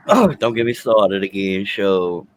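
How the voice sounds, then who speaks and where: A man on a chat panel trading playful jokes in casual banter. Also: on the low side. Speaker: panel member.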